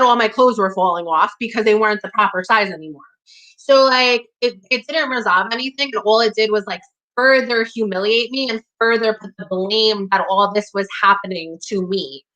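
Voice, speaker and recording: A woman's voice: fairly high pitch, bright, forceful tone, low-quality recording. A woman telling a personal story in a casual, profane way, full of "like". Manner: casual and profane, heavy use of "like".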